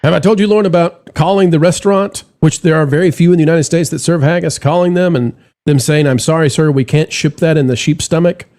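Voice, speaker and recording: A man's voice: a little high, fast talker. A man hosting a live stream, chatting jokily and reading out donations. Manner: animated, jokey, reads donations aloud. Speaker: show host. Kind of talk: casual live-stream chat.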